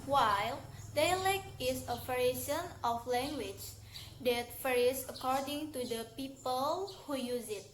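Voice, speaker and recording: Young woman, Indonesian accent, high voice, careful explanatory lecture, echoey room, faint hiss. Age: young adult. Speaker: university student presenter. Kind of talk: recorded class presentation.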